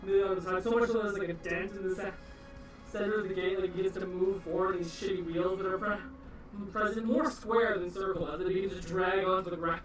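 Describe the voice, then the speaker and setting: A man's voice: high voice, steady tone, a little fast, soft background music. A man narrating as game master in a casual tabletop session, with loose phrasing and frequent restarts. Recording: echoey room, distant mic, faint hiss.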